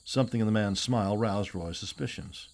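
Male narrator, audiobook, steady, even, lowish voice. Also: brisk, gravelly. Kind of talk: scripted narration.

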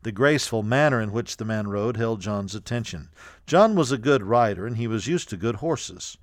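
A man narrating a storybook in a steady, clear reading voice. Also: lowish voice, moderate pace, no room sound, studio quality. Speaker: audiobook narrator.

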